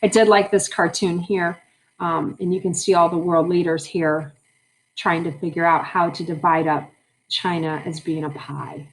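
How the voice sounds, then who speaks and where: A woman's voice: fairly low pitch, fairly even intonation, normal speed, a little hiss or hum, low-quality recording. A woman teaching a recorded history lesson in a chatty, informal way, talking straight to her students. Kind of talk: casual recorded lecture.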